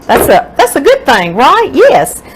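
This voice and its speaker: A woman's voice: high voice, wildly swooping pitch, a little slow, rough recording. A middle-aged woman from Louisiana with a Louisiana accent, hosting a home cooking show in a rambling, chatty way and talking straight to her viewers. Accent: Southern US, Louisiana. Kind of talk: casual home cooking demonstration. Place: home kitchen.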